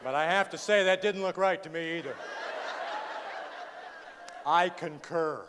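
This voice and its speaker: A man's voice: a little high, unhurried. A man giving a humorous talk to a live audience, telling a story with dry, sarcastic asides and questions to the crowd. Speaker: humorous speaker. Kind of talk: comic keynote storytelling. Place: large hall with an audience. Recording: reverberant hall, faint noise.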